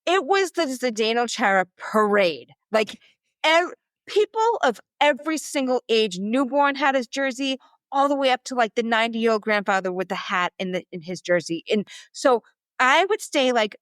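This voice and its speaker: Woman, marathon coach, podcast guest, animated storyteller, dry close sound. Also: a little high, no echo. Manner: animated, quick storyteller acting out quotes. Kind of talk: casual storytelling interview.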